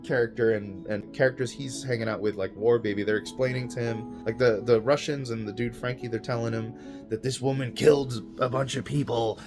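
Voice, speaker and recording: An eager man talks through a book in a loose, rambling way, tripping over restarts and fillers as he goes. His voice sits at an ordinary middle pitch. A plucked guitar plays clearly underneath him. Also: steady tone, brisk. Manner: enthusiastic. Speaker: book reviewer. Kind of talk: casual spoken book review.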